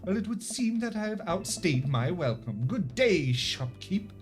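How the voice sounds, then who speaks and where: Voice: mid-range voice, big pitch swings, a little slow, pitched above the performer's own voice. A streamer voicing a pompous, formal man in old-fashioned dress. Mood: haughty. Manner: haughty, formal. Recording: background music.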